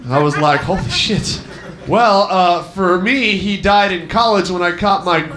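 A man in his twenties doing a stand-up set on an open-mic bar stage, brash, profane and animated as he tells stories. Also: high voice, measured pace. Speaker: stand-up comic, first-year teacher.

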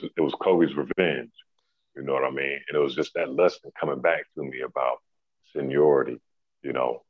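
A man in his forties, a former pro basketball player, telling a story as a podcast guest in a relaxed, casual way, peppered with "you know, man". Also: extremely low pitch, no echo. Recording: tinny phone-line sound, dry.

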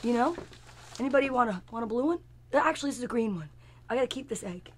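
A woman in her fifties with a fairly high voice hosts her own comedy show. She rambles from joke to joke, mocks herself, and chats with viewers by name. A faint hiss sits under her voice. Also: lively intonation, quick pace. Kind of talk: casual comic live chat with viewers.

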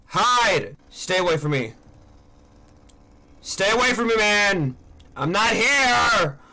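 A young man playing horror games for a channel, excitably yelling at the screen and trash-talking the enemies. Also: sits high, takes it slowly. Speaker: gaming YouTuber. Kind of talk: let's play commentary.

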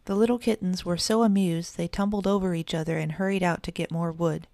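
A woman reads a children's bedtime story aloud in an even, measured way. Her voice is low and gravelly. The recording is close and completely dry. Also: no room sound. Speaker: narrator.

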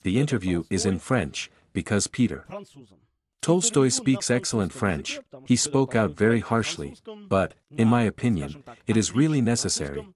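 A man's voice: fairly low pitch, sing-song, normal speed, darkish tone. A man giving political commentary as a voice-over, arguing in a sarcastic tone. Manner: sarcastic, argumentative.

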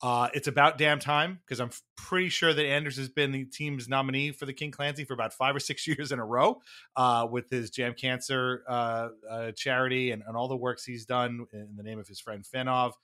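Podcast co-host, man, casual rambling delivery, bright tone. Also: mid-range voice, steady tone, a little fast. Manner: rambling, restarts often, laughs between thoughts. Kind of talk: casual sports podcast chat.

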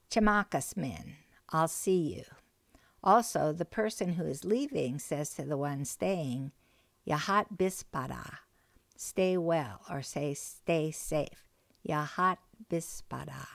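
A woman teaching a recorded language lesson, speaking slowly and patiently and repeating key words with care. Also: lowish voice, a little mellow, dry recording. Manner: slow, careful, patient delivery with repeated phrases.

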